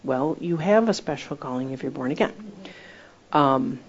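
A woman's voice: very deep voice, moderate pace. A woman minister giving an informal, chatty sermon to a group, mixing teaching with personal stories. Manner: lively, chatty, laughs at her own stories. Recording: dull lo-fi recording.

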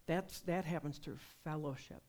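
A woman preaching a sermon, telling personal stories in a conversational, animated way. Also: sits low, moderate pace. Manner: conversational, animated storytelling with laughs.

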